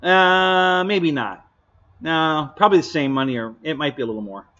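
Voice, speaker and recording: Guy hosting a live stream, blunt and opinionated, laughs a lot, sharp bright voice, kinda dull lo-fi audio. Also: on the high side, normal speed. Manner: blunt, opinionated, laughs often, answers chat. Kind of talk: casual live-stream chat.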